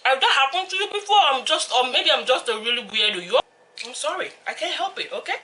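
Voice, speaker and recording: A young woman with a Nigerian accent chats to the camera between bites in a casual, hyper style. Her voice is bright and forward. She keeps breaking into snatches of song and quick Yoruba asides. A faint hum of noise sits under her voice. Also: sits high, big pitch swings. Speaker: mukbang host. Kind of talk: casual eating-show chat.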